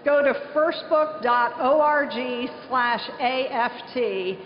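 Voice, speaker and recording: A woman's voice: high-pitched, steady tone, slow pace. A middle-aged woman from southern Ohio giving an earnest conference keynote, telling stories with emphasis. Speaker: nonprofit leader giving a conference speech. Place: large conference hall. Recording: echoey hall, dull lo-fi sound, faint hiss.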